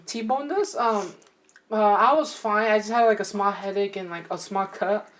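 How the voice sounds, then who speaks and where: A woman's voice: medium pitch, moderate pace. A young woman co-hosting a podcast, telling a story in a casual chat, rambling with many fillers and laughing now and then. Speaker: podcast co-host.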